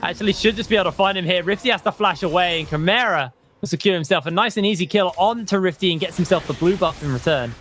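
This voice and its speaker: Energetic esports play-by-play man. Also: sits high, soft background music. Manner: quick, energetic play calling. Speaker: play-by-play caster.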